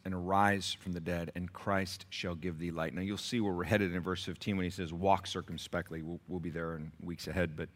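A male pastor preaching a sermon, telling stories with lively swings from shouts to hushed whispers. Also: low-pitched.

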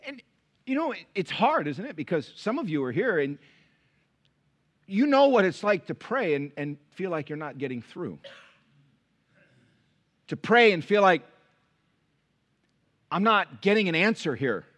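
Male pastor, high bright voice, animated sermon with rhetorical questions. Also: measured pace, pauses often. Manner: animated preaching with rhetorical questions, dropping to quiet asides.

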